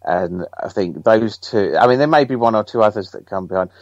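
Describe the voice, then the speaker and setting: A man's voice: lowish voice, brisk, a little mellow, no room sound. A male football writer giving a pre-recorded interview over a dull, dry lo-fi line.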